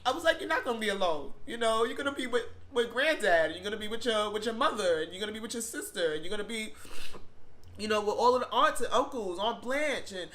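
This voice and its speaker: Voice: mid-range voice, expressive, fast, fairly bright tone. A vlogger telling a personal family story in a casual, rambling, heartfelt way, with many fillers and repeated words. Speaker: spiritual shop owner and vlogger.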